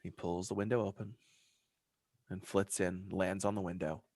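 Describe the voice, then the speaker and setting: A man's voice: deep voice, level tone, moderate pace, darkish tone, dry recording. A man narrating a tabletop game as game master, describing scenes in a loose, filler-heavy way.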